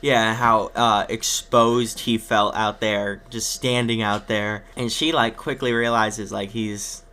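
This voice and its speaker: A man's voice: on the low side, fairly even intonation, takes it slowly, hardly any pauses, bright, forceful tone. A man appearing as a podcast guest, casually retelling a film's plot with lots of fillers and acted-out quotes. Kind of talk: casual film recap chat.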